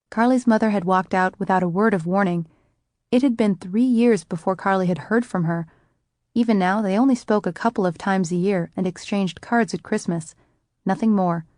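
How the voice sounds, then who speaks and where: An audiobook narrator, a woman, delivers scripted narration with calm, steady storytelling at a medium pitch. No room sound comes through; the recording stays dry and close.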